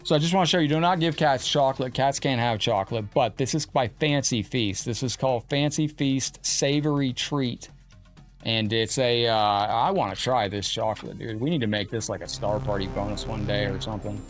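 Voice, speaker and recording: A man's voice: mid-range voice, moderate pace, faint music behind. A man streaming a fighting game, chatting casually with viewers and talking sweetly to his cat. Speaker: gaming streamer. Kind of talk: casual live-stream chat.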